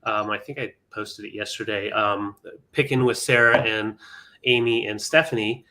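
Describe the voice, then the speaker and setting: A man's voice: on the low side, fairly even intonation, normal speed, sharp tone. A man hosting a live vintage sale stream, chatting casually with many ums and counting down bids.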